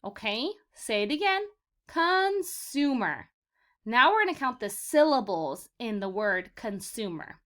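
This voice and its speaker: A woman teacher leading a vocabulary lesson for young children, sounding out words slowly for them to repeat and calling them "my friends.". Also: medium pitch, lively intonation, fairly bright tone. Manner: slow, exaggerated word modeling for repetition; encouraging, addresses children as "my friends".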